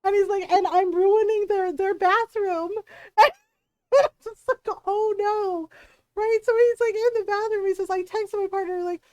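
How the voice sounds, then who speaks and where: Brief: high-pitched woman streamer, casual and animated, telling stories with lots of "like". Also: moderate pace, no echo. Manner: animated storytelling, full of "like" and acted quotes. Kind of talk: casual chat while gaming.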